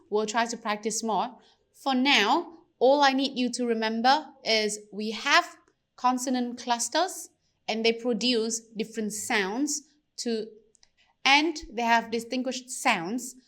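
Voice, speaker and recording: A woman teaching pronunciation, slowly demonstrating sounds and repeating them for learners. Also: a little high, fairly bright tone. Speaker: language teacher. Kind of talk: pronunciation lesson.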